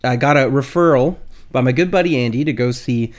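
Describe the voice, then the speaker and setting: A man's voice: medium pitch, brisk. A man co-hosting a casual podcast, cracking playful jokes and riffing on his partner. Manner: wisecracking, playful. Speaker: podcast co-host.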